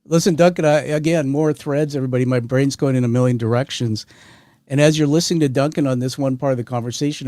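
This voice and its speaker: A man with a mellow, warm voice hosts a conversational podcast interview. He is middle-aged, energetic and a little rambling, and he often speaks straight to his audience. The sound is dry and close, with no room around it. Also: mid-range voice, no room sound. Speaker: podcast host.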